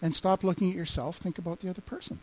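A man's voice: high voice, fairly even intonation, fast talker, darkish tone, poor audio. A man teaching as a pastor, speaking conversationally, quoting scripture and chuckling now and then. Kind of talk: teaching on healing and faith.

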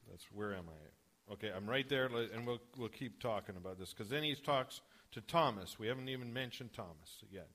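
A man's voice: lowish voice, expressive, brisk, fairly bright tone. A male pastor preaching a sermon in a conversational way, often asking the congregation questions.

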